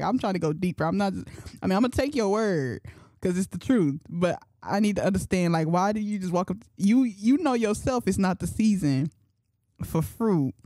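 A young woman in her twenties hosts a faith podcast, chatting in a loose, slangy way and thinking out loud as she goes. Her voice sits low and sounds mellow and relaxed. The sound is dry and close, with no room echo. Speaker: podcast host. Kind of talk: casual faith talk.

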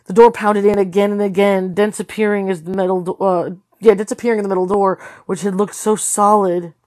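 A woman reading a novel aloud as a tired read-along host, steady with occasional slips and corrections. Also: medium pitch, a little fast, no room sound. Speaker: storybook reader.

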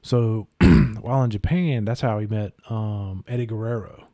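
A man's voice: lowish voice, steady tone, unhurried, mellow, no echo. A young man hosting a podcast, telling a long story in a rambling, profane way full of fillers like "um" and "you know.". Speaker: podcast host. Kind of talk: casual storytelling chat.

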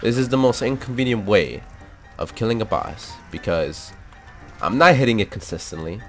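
A young man with a fairly low voice that swings widely in pitch, talking excitably over his gameplay and often laughing and repeating himself. Faint music plays behind him. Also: moderate pace. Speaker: gaming commentator. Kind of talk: casual gameplay commentary.

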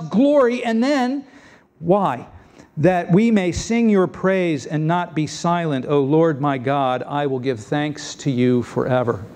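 A man preaching a sermon as pastor, lively and acting out the voices of biblical figures. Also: high voice. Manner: lively, acts out scripture voices. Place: church sanctuary.

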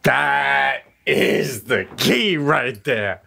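A middle-aged man co-hosting a podcast tells a story very slowly in a gravelly, medium-pitched voice. In the casual chat he animatedly acts out the voices of whoever he quotes.

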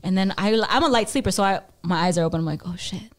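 Animated woman telling a story. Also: mid-range voice. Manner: animated, fast bursts and acted-out quotes, laughing. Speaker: podcast guest. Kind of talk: casual storytelling.

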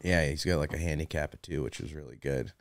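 A man co-hosting a talk show in a relaxed, casual chat, laughing often. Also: extremely low pitch, fast talker, vocal fry.

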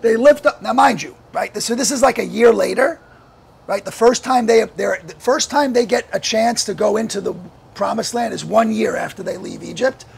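A man preaching a sermon with animated delivery, firing rhetorical questions at the congregation and laughing often between points. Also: high voice, moderate pace, creaky, husky. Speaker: pastor.

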